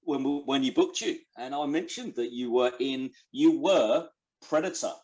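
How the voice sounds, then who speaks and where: A man's voice: mid-range voice, moderate pace, darkish tone, muffled recording. A man hosting a podcast interview, asking eager questions that tumble over each other. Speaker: podcast host. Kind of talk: casual interview.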